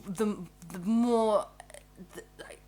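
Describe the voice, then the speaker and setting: A woman, co-hosting a podcast in casual, animated chat, speaking in quick bursts with frequent laughs and restarts. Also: medium pitch. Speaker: podcast co-host.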